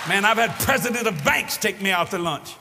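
A fervent older male preacher with a strikingly high voice, often breaking into shouts as he tells folksy stories. He is recorded live in a big echoing hall, with the crowd audible behind him and steady background noise. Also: brisk, vocal fry. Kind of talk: sermon. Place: large church hall with congregation.

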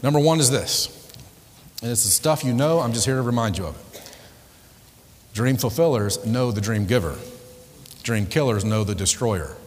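Male motivational speaker, mid-pitched, emphatic and repetitive, quizzing a live crowd in a reverberant hall. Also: animated, moderate pace, pauses often, a little mellow, a little hiss or hum. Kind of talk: live motivational seminar talk with spiritual themes. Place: large hall before a live audience. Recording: echoey hall with long reverb.

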